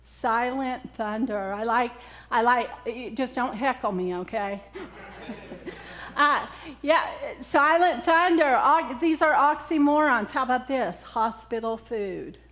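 A woman's voice: a little high, expressive, slow pace, fairly bright tone, a little hiss or hum. A woman with a Southern US accent preaching a conversational sermon, joking with and quizzing her congregation.

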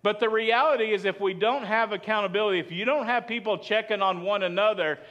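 A man's voice: sits high, quick pace, a bit bright, lo-fi sound. A man preaching a sermon as pastor, chatty and asking the congregation questions. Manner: conversational, asks the congregation questions.

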